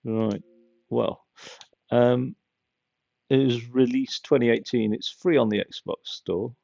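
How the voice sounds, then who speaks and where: A man's voice: medium pitch, steady tone, slow pace, gravelly, long pauses, dark tone, no echo, dull audio. A man giving casual gameplay commentary, rambling and joking with wry asides as he plays. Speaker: gaming video host.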